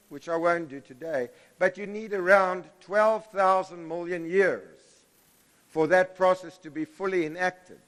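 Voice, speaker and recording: High-voiced professor in a reverberant hall. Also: male voice. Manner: emphatic, repeats key phrases, draws the audience in. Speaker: astronomy professor lecturing. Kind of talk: public lecture.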